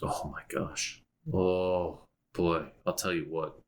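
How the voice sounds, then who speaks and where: A man's voice: sits low, little pitch movement, slow. A young man co-hosting a podcast, talking casually and rambling with restarts and laughs. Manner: rambling, self-interrupting, with frequent restarts and laughs. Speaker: podcast co-host. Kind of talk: casual chat.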